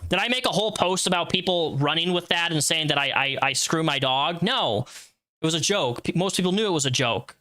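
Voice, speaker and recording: Animated, bright-voiced male streamer. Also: on the high side, brisk. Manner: blunt and profane, lecturing the person he reacts to. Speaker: livestream host. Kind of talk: live commentary reacting to a social media post.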